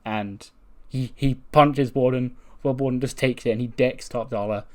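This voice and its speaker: A man's voice: mid-range voice, fairly even intonation. A man narrating a wrestling management game run, telling the story and acting out the wrestlers' lines. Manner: storytelling, acts out wrestlers' lines in quick voices. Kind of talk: narrating a wrestling sim playthrough.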